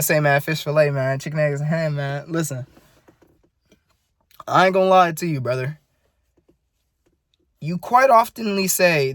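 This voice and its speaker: A young man of nineteen talks straight to camera in a rambling, profane video diary rant. His voice sits a little high for a man, and the recording is close and dry, with no room sound. He comes across earnest and blunt. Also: no room sound. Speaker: vlogger.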